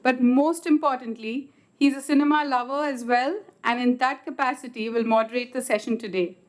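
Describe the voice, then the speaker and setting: A woman's voice: sits high, steady tone, a little fast. A woman acting as emcee, making polite, formal introductions. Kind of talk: scripted event announcing.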